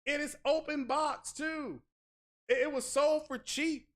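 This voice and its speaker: A man's voice: extremely high pitch, steady tone, a little slow. A man hosting a tech channel, ranting casually with sarcastic, mock-outraged exaggeration and crude, blunt language. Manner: crude, blunt street talk. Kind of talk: casual streamed rant.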